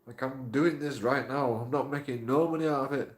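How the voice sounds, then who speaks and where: In a roomy, echoing space, a man with a mid-range voice speaks fairly quickly. As a YouTube auditor vlogger, he rambles emotionally for his channel, cursing and repeating himself.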